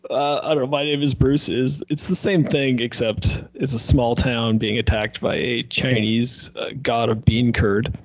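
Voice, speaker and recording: A man's voice: medium pitch, little pitch movement, a little slow, hardly any pauses, no echo, dull audio. A man co-hosting a podcast, chatting casually about movies, joking and laughing as he rambles. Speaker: podcast co-host.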